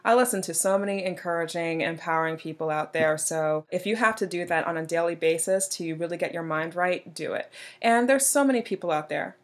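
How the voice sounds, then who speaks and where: A woman's voice: lowish voice, a little fast. A young woman giving earnest, encouraging self-help advice and speaking directly to the viewer. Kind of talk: motivational advice talk.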